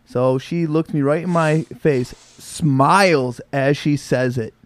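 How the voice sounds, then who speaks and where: A man's voice: fairly high pitch, takes it slowly. Laid-back young man telling stories. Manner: storytelling, swears freely, acts out quoted people. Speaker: podcast co-host. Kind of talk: casual chat.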